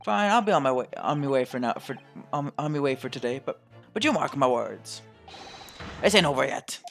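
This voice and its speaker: A man voicing a rough, blustering old ruffian in a game, rude and quick to bristle. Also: mid-range voice, animated, a bit bright, soft background music.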